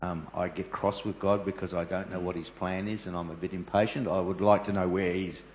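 Deep-voiced man asking halting questions in an echoey hall. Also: flat delivery, a little hiss or hum. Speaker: interviewer. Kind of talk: church interview. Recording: echoey room with long reverb.

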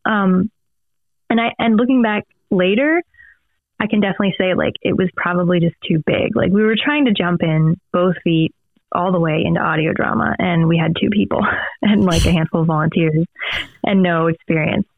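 A woman's voice: lowish voice, moderate pace, no echo. A woman guest on a podcast, talking casually and rambling through tangents with lots of fillers. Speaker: podcast guest, audio theater director. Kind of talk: casual interview chat. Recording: phone-like dry remote line.

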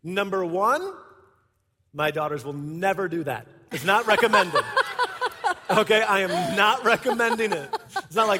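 A man's voice: high voice, expressive, measured pace, bright, forceful tone. A man in his forties, a pastor, telling a humorous personal story to his congregation with laughter along the way. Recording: echoey hall.

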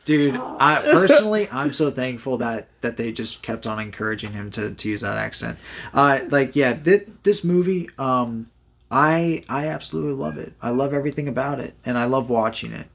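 A man's voice: mid-range voice, expressive, moderate pace, vocal fry, fairly bright tone. Enthusiastic rambling man co-host. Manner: enthusiastic, rambling with many restarts. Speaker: podcast co-host. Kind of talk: casual movie review chat.

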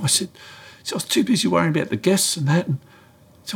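A man's voice: fast, creaky, long pauses, slightly rough. A middle-aged man giving a sermon-style talk, telling a story and acting out both sides of the dialogue. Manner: animated storyteller, acts out dialogue with raised pitch. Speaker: preacher.

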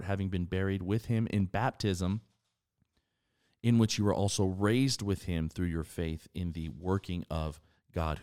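A man with a somewhat low voice co-hosts a faith podcast. He talks with earnest, animated energy, slipping into a preaching cadence as he works through scripture. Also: smooth. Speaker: podcast co-host.

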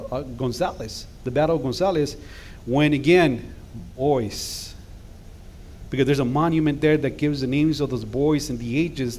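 A man's voice: mid-range voice, a little mellow, a little hiss or hum. A middle-aged man, a guest pastor preaching an impassioned sermon in a church that swells into emphatic calls to action. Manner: impassioned, rising to emphatic exhortations. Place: church sanctuary.

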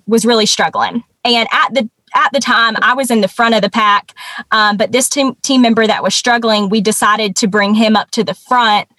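A woman guest telling a personal story in an earnest, conversational way, with many pauses and restarts. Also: fairly high pitch, fairly bright tone, no echo.

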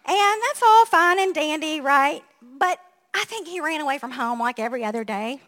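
A middle-aged woman pastor giving a sermon, telling funny family stories in an animated way and laughing at herself. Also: high voice, moderate pace.

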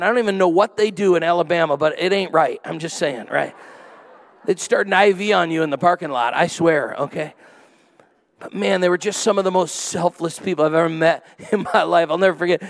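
A man's voice: sits high, fairly quick, creaky. A man preaching a sermon as pastor, punchy and conversational, with asides to the congregation. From went to college in New England.

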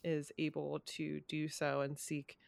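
A woman's voice: low voice, completely flat delivery, measured pace, creaky, no echo. A young woman in a casual conversation about current events, hesitant with many ums and small laughs.

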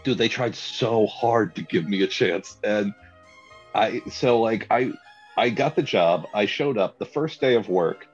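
A young man telling a comic story in a casual chat, animated and laughing often as he acts out what people said. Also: lowish voice, unhurried, slightly rough, highs cut off, faint music behind.

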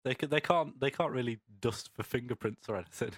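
A man's voice: medium pitch, quick pace, husky, no echo. A man, co-hosting a podcast in casual chat and laughing through his stories. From English West Midlands. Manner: laughing storyteller, animated. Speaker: podcast co-host.

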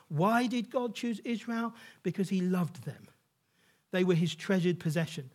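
A man's voice: sits high, expressive, measured pace, a little mellow. A male preacher giving a sermon in a conversational, emphatic way, often checking in with the congregation.

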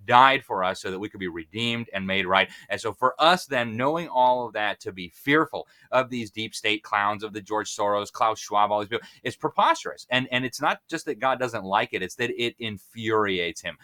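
A man's voice: lowish voice, moderate pace, few pauses, pushed and bright. A man speaking as an interview guest, talking with fervent, preacher-like emphasis. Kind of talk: impassioned interview commentary.

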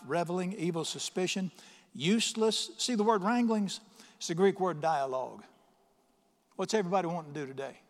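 A middle-aged man preaching a sermon as pastor, reading scripture slowly and questioning his congregation with emphasis. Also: a little high. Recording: long reverb of a large hall.

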